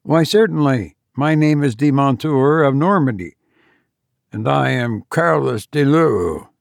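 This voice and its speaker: Man doing a jumpy young sword guy, polite old-timey talk, slow and a bit gravelly. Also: mid-range voice, no room sound, studio quality. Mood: uneasy. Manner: polite archaic phrasing, a little raised. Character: young male traveller with a sword, nervous and polite.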